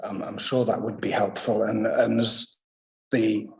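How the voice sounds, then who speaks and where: A man's voice: lowish voice, level tone, measured pace, creaky, a little mellow. A man chairing a council committee, courteous and wordy as he thanks and calls on speakers.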